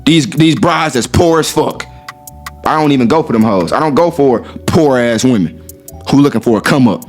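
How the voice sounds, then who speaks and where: A man's voice: mid-range voice, expressive, normal speed, faint music behind. A man in a casual monologue to his viewers, brash, profane and swaggering, who acts out what others said. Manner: acts out quoted women in raised voice. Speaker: dating talk host.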